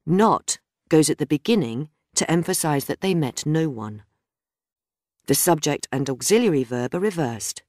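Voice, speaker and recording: A woman reading a scripted grammar lesson in a measured, explanatory way. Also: sits low, expressive, a little mellow, no room sound, studio quality. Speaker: grammar teacher. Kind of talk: scripted instructional narration.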